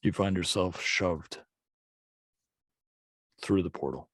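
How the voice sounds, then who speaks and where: A man narrating as game master of a tabletop game, relaxed and wry. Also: sits low, slow pace, no echo, studio quality.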